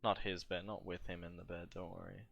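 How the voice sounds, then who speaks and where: A young man with a very low voice tells a story casually while he games, swearing freely and filling gaps with ums and you-knows. His delivery is loose and laid-back, like a streamer chatting with viewers. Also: level tone, brisk, vocal fry, fairly bright tone, no echo, dull audio. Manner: profane, rambling and laid-back, with many fillers. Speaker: gaming streamer.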